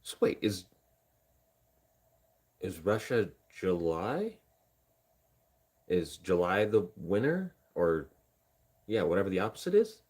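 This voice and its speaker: A man's voice: sits low, sing-song, slow, pauses often, a little mellow, slightly rough. A young man from Indiana chatting casually on a live stream, rambling and joking at himself while talking to chat and his dog. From Indiana, USA. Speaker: livestreamer.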